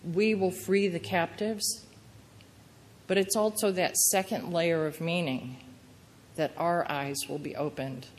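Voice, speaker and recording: A woman preacher giving a sermon in an earnest, gentle storytelling manner. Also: lowish voice, fairly even intonation, slow pace. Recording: reverberant church hall.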